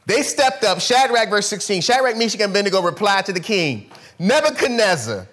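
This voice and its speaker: A man preaching a sermon, retelling a Bible story with lively storytelling and casual slang. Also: high-pitched, a little fast. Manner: animated storytelling, acts out characters in casual slang.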